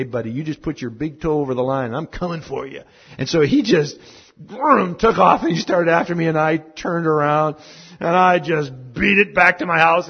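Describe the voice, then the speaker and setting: Husky-voiced man preaching a story-filled sermon. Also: fairly high pitch, highs cut off. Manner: animated storyteller who drops to a hushed tone. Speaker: pastor.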